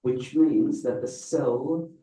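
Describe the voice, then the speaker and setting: A man, a rabbi, giving a public lecture with slow, deliberate, emphatic phrasing. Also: medium pitch, dark tone, far from the mic. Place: event hall with a live audience. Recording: roomy, slightly muffled hall sound.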